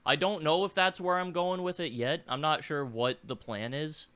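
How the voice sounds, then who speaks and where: A young man with a sore throat chats casually on a podcast. His voice is bright and crisp. He talks haltingly, stopping and restarting. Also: fairly high pitch, steady tone. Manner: hesitant, halting, many restarts. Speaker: podcast co-host. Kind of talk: casual chat.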